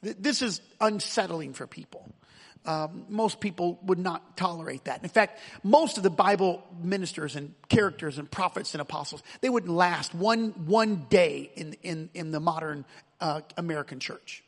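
A man's voice: high-pitched, lively intonation, moderate pace, long reverb tail. A man preaching a sermon as pastor, emphatic, with frequent repeated words and restarts.

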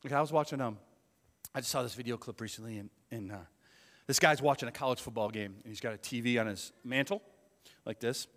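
A man's voice: medium pitch, quick pace, a bit bright, in a large hall. A man pastor preaching a sermon in an earnest, conversational way.

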